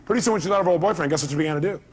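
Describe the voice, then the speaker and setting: A man's voice: fairly high pitch, rapid-fire, husky. A man giving a live motivational seminar speech, talking emphatically and firing rhetorical questions at the audience. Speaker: motivational speaker.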